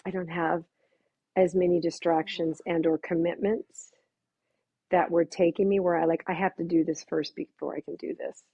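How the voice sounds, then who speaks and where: A woman guest telling personal stories in casual conversation, animated and laughing often as she acts out her own reactions. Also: fairly low pitch, moderate pace, slightly rough, no echo, lo-fi sound.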